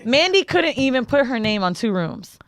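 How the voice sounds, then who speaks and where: A woman's voice: a little high, moderate pace, dry recording. A woman co-hosting a casual podcast, telling crude travel stories with lots of swearing and quoting people she met. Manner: animated storyteller, profane, quotes others in voices. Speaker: podcast co-host. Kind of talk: casual storytelling chat.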